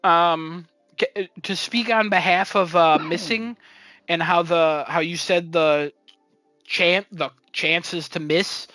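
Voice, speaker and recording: A man's voice: on the high side, steady tone, slow pace, pushed and bright, no room sound, soft background music, rough recording. A young man casually telling a funny story about his video game, acting out quotes and laughing often. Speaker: podcast co-host.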